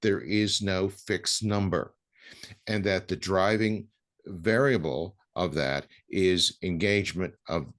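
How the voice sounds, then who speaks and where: A man hosting an interview, talking in a halting way with many ums and restarts, then landing his points with emphasis. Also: low-pitched, a bit bright. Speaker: podcast host. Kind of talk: conversational interview.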